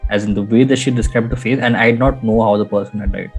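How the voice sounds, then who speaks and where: A man's voice: on the low side, fairly even intonation, fast, creaky, breathy edge, faint music behind, poor audio. A man co-hosting a podcast who tells a personal story in a rambling, casual way. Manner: rambling, with many fillers and restarts. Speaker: podcast co-host.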